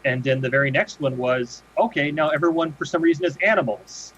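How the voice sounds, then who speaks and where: A man with a fairly quick, somewhat high and slightly bright voice co-hosts a podcast, chatting casually and rambling with lots of restarts. The recording sounds dull and lo-fi, with faint noise.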